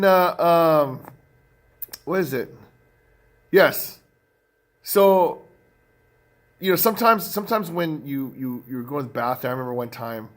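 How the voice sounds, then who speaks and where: A man telling a rambling story to the camera in a casual vlog, with many fillers and restarts. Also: fairly high pitch. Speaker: vlogger.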